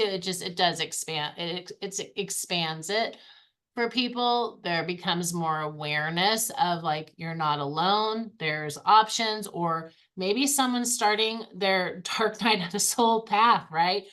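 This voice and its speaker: A woman's voice: mid-range voice, measured pace, fairly bright tone. A woman who is a guest on a podcast, speaking in an affirming, reflective way about energy and the spirit, often restarting her sentences in casual conversation.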